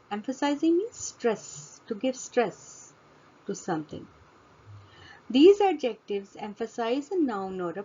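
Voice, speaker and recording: A woman teaching a grammar lesson, speaking deliberately and answering her own questions to drive each point home. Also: mid-range voice, darkish tone, breathy edge. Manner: slow, deliberate, repeats key words as questions and answers. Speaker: English teacher. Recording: dull lo-fi recording.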